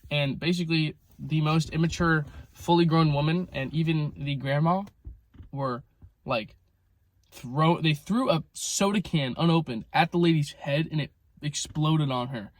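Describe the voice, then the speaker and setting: A man's voice: fairly high pitch, unhurried. Young male vlogger, rambling car-selfie chatter, constant filler words, phone-mic sound. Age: young adult. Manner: rambling, filler-heavy, frequent "like" and "um". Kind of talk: casual rambling vlog storytelling.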